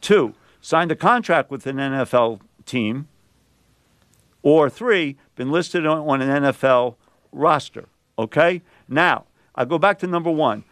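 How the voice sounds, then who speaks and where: A man's voice: fairly high pitch, fairly bright tone, clean tone, no room sound, studio quality. A man hosting a sports radio show, arguing insistently and talking over his co-hosts. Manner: argumentative, insistent, talks over others. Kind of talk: heated sports radio debate.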